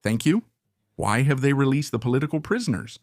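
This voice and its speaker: Male commentator, gravelly, dry close sound, insistent and repetitive, asks rhetorical questions. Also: mid-range voice, sing-song, brisk, darkish tone, dry recording. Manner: emphatic, repeats points and fires rhetorical questions. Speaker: political commentator. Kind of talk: opinionated current-affairs commentary.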